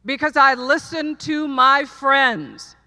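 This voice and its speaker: A middle-aged woman with a high, bright voice delivers a commencement address in earnest storytelling form, leaning on repeated lines for emphasis. Her words ring out with a long reverb in a large hall. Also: slow pace. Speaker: commencement speaker. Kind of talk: commencement speech. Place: large hall, live audience.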